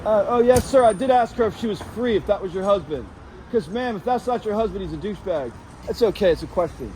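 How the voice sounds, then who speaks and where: Man, high voice, rambling deadpan street report, crude jokes, faint traffic noise behind. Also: quick pace. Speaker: street vlogger asking passers-by questions. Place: city street at night, outdoors. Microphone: handheld camera.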